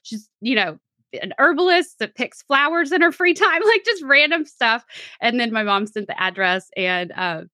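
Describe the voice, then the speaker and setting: Bright chatty woman co-host who laughs often. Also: fairly high pitch, big pitch swings, normal speed, no room sound, clean studio sound. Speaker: podcast co-host. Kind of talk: casual chat.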